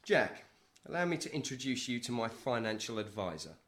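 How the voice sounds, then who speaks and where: Sardonic British layabout, dry wit, lively pitch. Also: male voice, brisk. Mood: wry. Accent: British English. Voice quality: dry, wry. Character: scruffy broke man, sly and sardonic. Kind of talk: sitcom acting.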